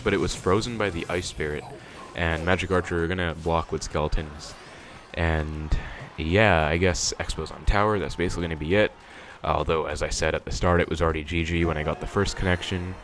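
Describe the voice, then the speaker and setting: A man's voice: low-pitched, steady tone, brisk, fairly bright tone, slight background noise. A young man giving casual commentary on his own gameplay, thinking aloud with many fillers. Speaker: gaming video creator.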